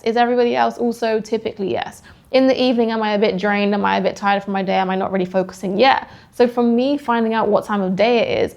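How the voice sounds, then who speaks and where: A woman's voice: mid-range voice, creaky. A woman sales coach teaching how to run sales calls, acting out bits of call dialogue with a shifting tone.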